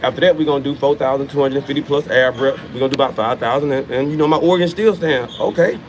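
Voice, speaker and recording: A man's voice: mid-range voice, steady tone, quick pace, a little hiss or hum, rough recording. A man in his thirties giving a profane, emphatic motivational talk about training, repeating key lines for effect. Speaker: fitness motivator. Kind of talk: motivational monologue.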